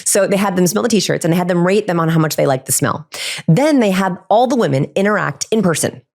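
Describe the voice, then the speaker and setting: A woman guest on a podcast, explaining body language in lively chat and demonstrating tones of voice. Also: on the low side, quick pace, vocal fry. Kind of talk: casual expert chat.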